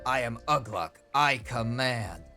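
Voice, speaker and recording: A man's voice: mid-range voice, expressive, takes it slowly, pushed and bright, soft background music, pitched below the performer's own voice, full character voice. A man voicing a proud male orc captain who speaks in a blunt, commanding way.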